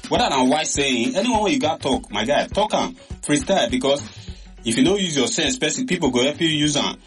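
Animated Nigerian Pidgin-speaking man. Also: on the high side, a little fast, faint music behind. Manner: animated storytelling, exclamations and pidgin asides. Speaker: radio or online show host. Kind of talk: casual commentary.

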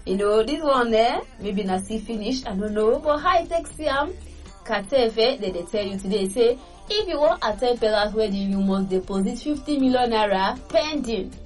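A woman with a Nigerian Pidgin accent hosting a casual entertainment gossip show, lively and chatty, laughing between points. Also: a little high, moderate pace. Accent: Nigerian Pidgin English. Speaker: entertainment news host. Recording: distant mic with faint music.

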